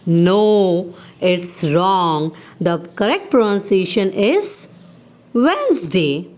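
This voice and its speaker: Woman, pronunciation teacher, quizzing tone, animated pitch. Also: unhurried. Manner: drilling words with repeated rhetorical questions. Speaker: English pronunciation tutor. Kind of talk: pronunciation lesson.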